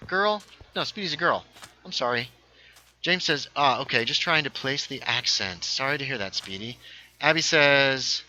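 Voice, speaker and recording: Rambling bright-voiced male streamer. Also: medium pitch, expressive, normal speed, low-quality recording. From North Carolina. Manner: rambling, self-interrupting storyteller. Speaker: livestream host. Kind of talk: casual chat while gaming.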